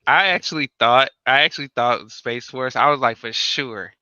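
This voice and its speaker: A man joining a livestream in casual chat, excitable with laughing asides. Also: mid-range voice, normal speed, clear, resonant tone, no echo, highs cut off.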